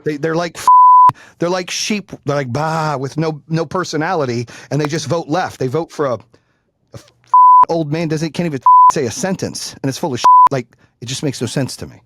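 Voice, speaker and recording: A man in his forties hosting a podcast, telling stories in a casual, profane, animated way. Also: on the high side, a little fast, heavy background noise. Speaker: podcast host. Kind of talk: casual chat.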